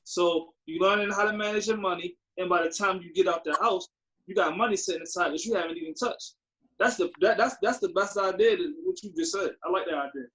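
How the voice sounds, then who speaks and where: A young man with a fairly high voice chats on a podcast, easygoing and agreeable. He works through his point in loose slang, repeating himself as he goes. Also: a little fast, poor audio. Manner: relaxed, agreeable, explains with slang. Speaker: podcast co-host. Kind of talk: casual chat.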